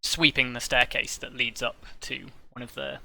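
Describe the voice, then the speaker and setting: A man narrating a tabletop game as game master, talking in a halting way with many fillers. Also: medium pitch, little pitch movement, vocal fry, sharp tone, slight background noise.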